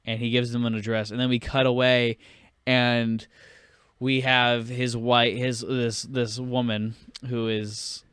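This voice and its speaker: A young man co-hosting a casual film podcast, talking in an animated way and acting out movie lines in put-on voices. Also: mid-range voice, measured pace, clean tone, no echo, clean studio sound. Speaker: podcast co-host.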